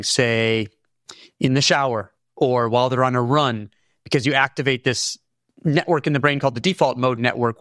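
A male author explains research in a thoughtful, measured way, sometimes restarting a sentence before going on. His voice sits at a middle pitch. The sound is close and dry. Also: fairly bright tone, no room sound. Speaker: author and interview guest. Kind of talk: explanatory interview talk.

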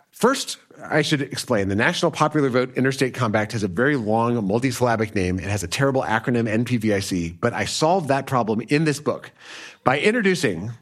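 Man, american, author guest, lively rising and falling pitch, emphatic explainer. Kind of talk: political interview.

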